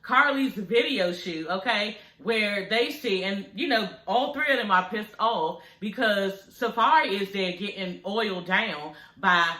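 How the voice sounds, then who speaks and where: A woman's voice: medium pitch, lively intonation, a little slow, hardly any pauses, sharp tone, reverberant, low-quality recording. A woman recapping a reality TV episode for her viewers in a sassy, gossipy, profane way, talking straight to them. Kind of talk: casual recap vlog.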